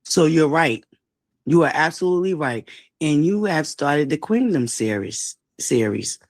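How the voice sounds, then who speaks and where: A man joining a livestream as a guest, speaking earnestly and warmly praising the host in a preacherly way. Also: a little high, lively intonation, a little slow, dry recording. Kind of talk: encouraging livestream talk.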